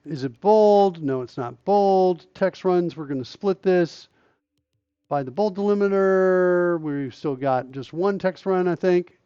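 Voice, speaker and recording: A middle-aged man streams live coding, muttering and questioning himself as he works through the code. His high voice is warm, clear and resonant at a measured pace, though the dry mic sounds dull and slightly lo-fi, without echo.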